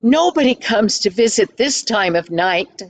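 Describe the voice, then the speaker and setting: A woman's voice: medium pitch, expressive, unhurried. A woman voicing a mother who worries about a late-night knock at the door. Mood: worried.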